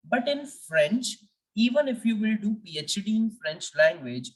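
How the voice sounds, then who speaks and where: A woman teaching a French language lesson, speaking slowly and deliberately and repeating letters for practice. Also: medium pitch, animated, recorded from a distance, rough recording.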